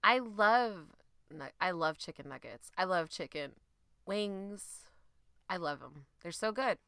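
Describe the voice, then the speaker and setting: A woman's voice: on the low side, slow pace, no room sound, clean studio sound. A young woman hosting a podcast, chatting casually and laughing often as she tells food stories. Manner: lively, laughing, mimics her mom's voice. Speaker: podcast host.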